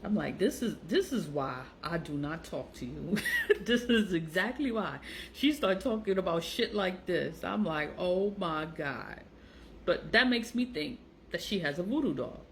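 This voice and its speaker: A woman's voice: on the low side, lively intonation, normal speed, a little hiss or hum, low-quality recording. A woman giving casual, blunt commentary, sounding exasperated and mocking as she reacts to text messages. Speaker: online seller and vlogger.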